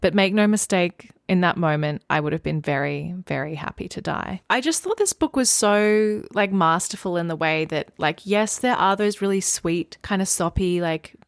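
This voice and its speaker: Woman on a book podcast, smooth clear voice, dry close sound, earnest, reads quotes out soft. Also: lowish voice, moderate pace, few pauses, dry recording. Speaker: podcast co-host. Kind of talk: casual book discussion with read-aloud passages.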